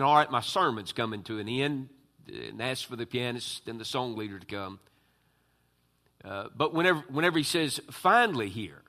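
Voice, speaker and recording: Bright-voiced emphatic man preaching. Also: medium pitch. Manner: folksy, emphatic preaching with fillers and asides. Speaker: pastor. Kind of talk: sermon.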